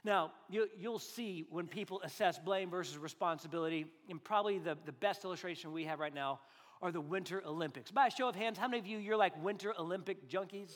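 A man's voice: high voice, quick pace, fairly bright tone. A male pastor preaching a conversational sermon with jokes, acting out little quoted voices along the way. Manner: joking, conversational, acts out quotes. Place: church sanctuary. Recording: long hall reverb.

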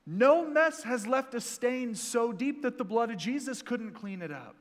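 A man's voice: extremely high pitch, expressive, unhurried, hardly any pauses. Earnest man preaching in a reverberant church. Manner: earnest, building to emphatic peaks, soft intimate drops. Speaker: pastor. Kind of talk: sermon.

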